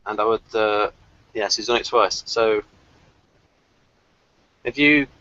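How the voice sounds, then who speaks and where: A man hosting a casual online group discussion, talking in a lively, animated way and laughing often. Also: on the low side, slow pace, no echo. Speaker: discussion host. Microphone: video call. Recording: dull lo-fi call audio.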